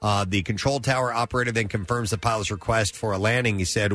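A man's voice: fairly low pitch, steady tone, quick pace, a bit bright. A man hosting a casual talk show, reading odd news stories aloud with frequent uh fillers and self-corrections. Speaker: news segment host.

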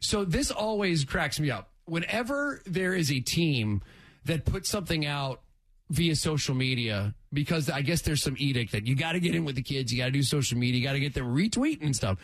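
A man's voice: a little high, animated, brisk. A man hosting sports talk radio, rambling and joking as he tells a story.

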